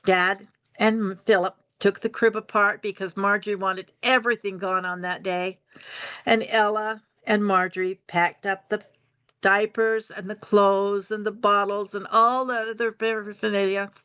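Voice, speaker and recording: A woman's voice: mid-range voice, level tone, a bit bright, clean tone. Older woman telling a family story. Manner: unhurried, repeats phrases for rhythm. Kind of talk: personal family story told aloud.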